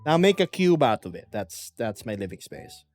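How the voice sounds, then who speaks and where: A young man streaming from his small apartment, chatting casually with viewers and reading their comments aloud in a lively, self-deprecating way. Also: medium pitch, moderate pace, soft background music. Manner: animated, self-deprecating, reads chat aloud. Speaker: VTuber streamer. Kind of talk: casual livestream chat.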